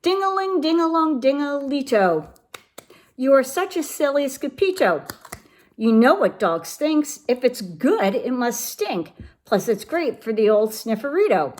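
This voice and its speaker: A woman's voice: on the high side, big pitch swings, a little slow, few pauses, voice pushed up. Woman doing a gang of cheeky little Chihuahuas. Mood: sing-song. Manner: sing-song and cheeky. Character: gang of small rowdy Chihuahua dogs.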